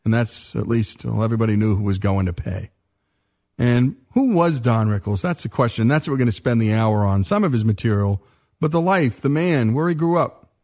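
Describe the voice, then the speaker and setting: A male host reads scripted narration in a steady, explanatory way. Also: mid-range voice, fairly quick. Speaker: radio show host.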